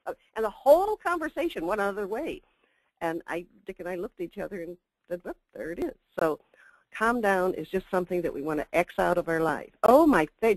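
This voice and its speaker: A woman's voice: lowish voice, animated, brisk, a little mellow, no echo, rough recording. An older woman giving a chatty, emphatic customer service webinar talk with asides. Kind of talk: webinar presentation.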